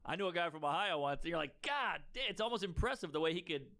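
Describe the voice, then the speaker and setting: A man co-hosting a comedy podcast, telling animated stories and mimicking the people in them. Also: on the high side, racing. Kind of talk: casual comedy podcast chat.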